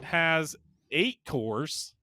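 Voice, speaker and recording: Man, thirties, podcast co-host, casual banter, rambling, fairly high voice, dry close sound. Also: expressive, very slow, sharp tone, no room sound. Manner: chatty, joking, rambling explanations.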